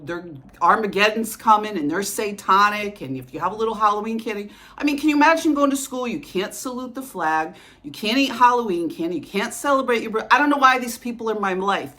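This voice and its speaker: A woman speaking in a casual vlog-style monologue. Her voice is bright and pointed, and she sounds confrontational, breaking off to address absent people directly. She trips over repeated words and fillers as she goes. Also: mid-range voice. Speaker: vlogger.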